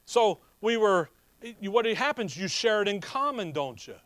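A man's voice: high voice, big pitch swings, moderate pace, a bit bright, dry recording. A man preaching a sermon in a conversational way, asking rhetorical questions and telling personal stories with a chuckle. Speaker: pastor.

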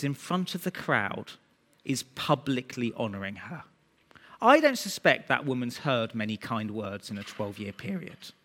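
A man's voice: on the high side, a bit bright. A man preaching a sermon, earnest, lifting his voice on key words. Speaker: pastor. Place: church hall. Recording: church hall reverb.

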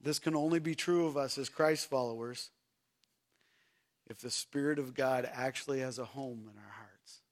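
A male pastor preaches a sermon at a moderate pace and medium pitch, alternating between shouted lines and soft, quiet ones. He poses rhetorical questions to the congregation.

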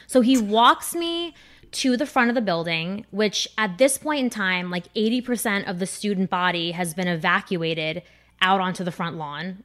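A woman from New Jersey, a comedian guest telling a story on a casual podcast and acting out the quoted voices. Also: mid-range voice. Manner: animated, acts out quoted voices.

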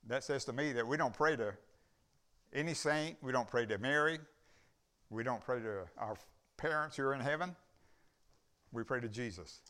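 A man's voice: medium pitch, normal speed, long pauses, pushed and bright. Older man preaching a folksy testimony. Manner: rambling storyteller, acts out dialogue. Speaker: visiting preacher. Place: church service.

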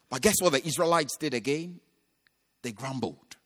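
A man's voice: medium pitch, animated, moderate pace, fairly bright tone, long reverb tail. A man preaching a sermon, retelling a scripture story dramatically and acting out the voices of the people in it.

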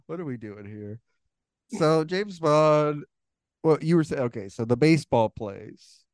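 Male podcast co-host, rambling comedic riffing, warm and smooth, dry close sound. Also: on the high side, expressive, slow pace, no echo. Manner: laughs often, rambling and loose. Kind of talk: casual comedic brainstorming.

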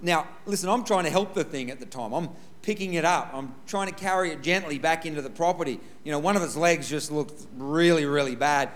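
A man's voice: fairly high pitch, brisk, a bit bright. A male pastor preaching a sermon through a personal story, conversational and humorous, often saying "listen".

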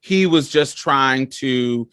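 Male interviewer, mid-pitched, relaxed slangy questions, dry close sound. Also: slow, smooth, no echo. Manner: laid-back slangy follow-up questions.

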